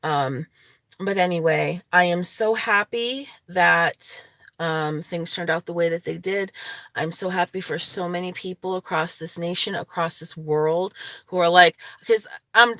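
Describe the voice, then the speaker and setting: Slow, chatty, opinionated woman vlogger. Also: lowish voice, a bit bright, dry recording. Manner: chatty, opinionated, laughs often. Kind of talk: casual talking-head vlog.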